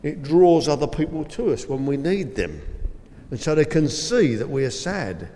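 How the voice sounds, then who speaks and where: A man's voice: a little high, lively intonation, normal speed, mellow. Chatty man in a reverberant hall. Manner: chatty and rambling, with many fillers and restarts. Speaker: school assembly speaker. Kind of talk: informal assembly talk with Bible reading.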